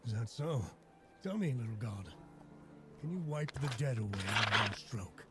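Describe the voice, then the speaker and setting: An actor voicing a gruff, battle-worn male soldier in a game, raspy and blunt. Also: on the low side, animated, moderate pace, loud music behind the voice, lightly acted. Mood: wary. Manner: blunt and clipped.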